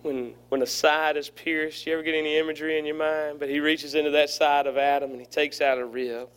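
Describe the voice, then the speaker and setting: A fairly high-voiced man preaches to his congregation. His delivery is folksy and playful, and he slips into quick voices for the figures in his stories. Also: little pitch movement, fairly bright tone, clear, resonant tone. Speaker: pastor. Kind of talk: sermon.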